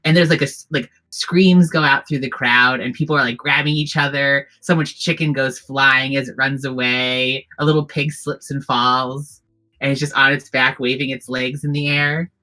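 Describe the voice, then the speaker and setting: A tabletop game master narrating the scene in a loose, rambling way, circling back and restarting as the scene unfolds. The voice is bright and forward. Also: medium pitch, steady tone, moderate pace, rough recording. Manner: rambling, heavy with fillers and restarts.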